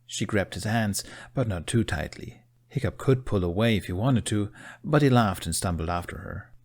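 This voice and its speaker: A man narrating a fan fiction audiobook in an expressive storytelling manner. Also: lowish voice, moderate pace.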